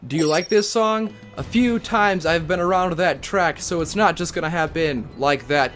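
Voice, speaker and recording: A man's voice: on the high side, moderate pace, few pauses, fairly bright tone, faint music behind. A man trolling in in-game voice chat, goofy, mock-polite and condescending. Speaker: online gamer trolling in voice chat.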